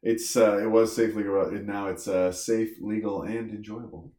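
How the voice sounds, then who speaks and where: A man's voice: lowish voice, flat delivery, normal speed, mellow. A man co-hosting a podcast, making dry sarcastic asides with chuckles. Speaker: podcast co-host. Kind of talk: casual chat. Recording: echoey room.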